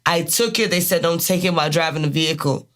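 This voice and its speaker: A woman's voice: lowish voice, fast talker. Candid Maryland woman telling stories. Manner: candid, profane, animated storytelling. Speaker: podcast co-host. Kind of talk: casual podcast chat.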